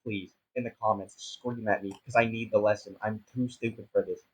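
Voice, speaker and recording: A man's voice: on the low side, fairly even intonation, a little fast, breathy edge, rough recording. A young man giving casual, self-mocking commentary on a sandbox building game, flustered and rambling as he fumbles along. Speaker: gaming YouTuber.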